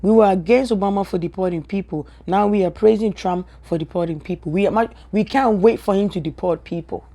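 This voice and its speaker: A woman's voice: mid-range voice, fairly quick, few pauses, warm tone. A woman from Ghana with a Ghanaian accent, giving an emphatic, repetitive opinion rant straight at her viewers. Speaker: social media commentator. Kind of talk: direct-to-camera opinion rant.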